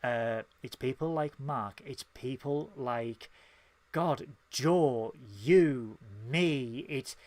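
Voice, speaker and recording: A man's voice: mid-range voice, extremely slow, darkish tone, no echo. A man with a Northern English accent, co-hosting a casual podcast and speaking in an impassioned, emphatic way. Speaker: podcast co-host.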